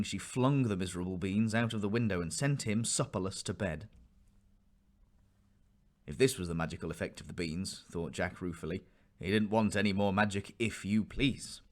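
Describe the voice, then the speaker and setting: A man narrating a classic fairy tale aloud in a measured, expressive reading. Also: fairly low pitch. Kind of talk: storybook reading.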